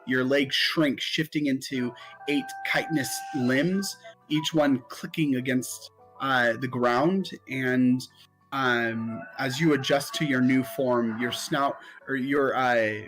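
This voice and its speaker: A man slowly describing his character's spell in a tabletop game, pausing with many ums. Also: medium pitch, steady tone, a bit bright, faint music behind, poor audio. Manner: slow, halting, many ums. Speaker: player.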